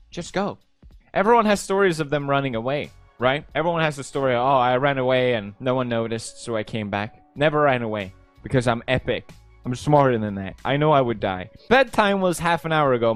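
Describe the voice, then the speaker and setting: A man's voice: mid-range voice, no echo. Playful sarcastic young man, dry sound. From Sweden. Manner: sarcastic, playful, laughs often. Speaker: YouTuber reading posts. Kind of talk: casual commentary reading posts.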